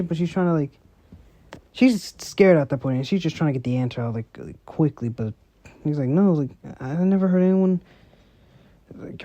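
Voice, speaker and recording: Casual male storyteller: deep, warm-dark tone, dry recording, loose and chatty. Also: dry recording, muffled recording. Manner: rambling, full of "like" and "you know", slangy. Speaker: commentator retelling a story. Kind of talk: casual spoken recap.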